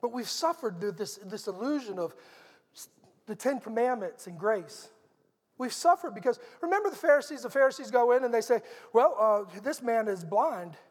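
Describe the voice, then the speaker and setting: A man's voice: very high voice, animated, moderate pace, in a large hall. A middle-aged man preaching a sermon in an earnest, conversational storytelling manner.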